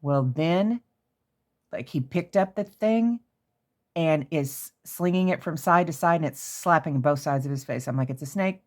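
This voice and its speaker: A woman from Oklahoma, chatting casually in a crafting vlog and telling an animated, excitable story that jumps to shrieky high notes. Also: a little slow. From Oklahoma, USA. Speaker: crafter showing handmade pieces. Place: home craft room.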